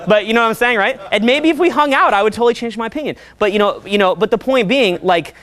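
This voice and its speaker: A man giving a live seminar talk as a dating coach. He talks in a profane, energetic, chatty way and keeps checking in with the crowd. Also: very high voice, fast talker, no echo.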